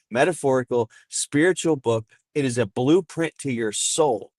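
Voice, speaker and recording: Man, guest author, emphatic profane rant, mid pitch, dry recording. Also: no echo. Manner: emphatic, swearing, ranting. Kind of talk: casual profane chat.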